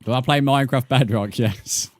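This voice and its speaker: A man's voice: medium pitch, moderate pace. A young man streaming a game live, bantering with his chat, swearing and laughing often. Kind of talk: casual live-stream chat while gaming.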